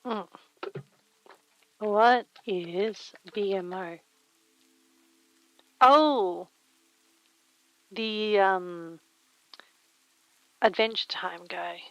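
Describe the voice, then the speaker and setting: A woman's voice: mid-range voice, very slow, long pauses, no echo, dull audio. A woman streamer chatting casually while she crafts, murmuring to herself and reading chat aloud on a very sensitive close mic.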